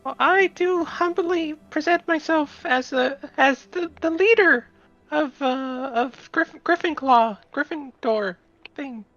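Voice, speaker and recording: A woman's voice: sits high, slow, a bit bright, lo-fi sound, faint music behind. A woman playing a tabletop game, bumbling and playful as she talks in character.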